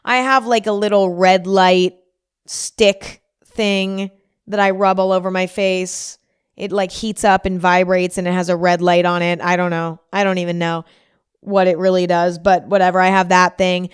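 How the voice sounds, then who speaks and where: Young woman, solo podcast host, rambling casual chat, self-mocking, smooth clear voice. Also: lowish voice, little pitch movement, moderate pace.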